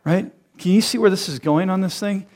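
A pastor in his thirties delivers an animated sermon in a fairly high voice. He acts out the people he quotes and laughs at his own jokes. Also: brisk.

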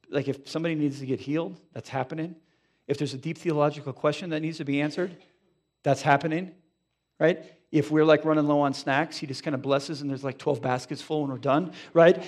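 A male pastor preaching a sermon in a church, animated and conversational, with frequent asides to the congregation. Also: fairly high pitch, fairly quick. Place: church sanctuary.

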